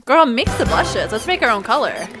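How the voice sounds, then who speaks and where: A woman hosting a movie reaction, excitable and gushing, laughing often as she talks. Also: fairly high pitch, normal speed, music in the background. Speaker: host.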